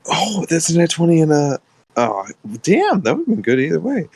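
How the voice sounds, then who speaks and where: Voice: mid-range voice, huge pitch swings, moderate pace, darkish tone, breathy edge, dry recording. A player in a tabletop game, talking casually and animatedly, hesitating often.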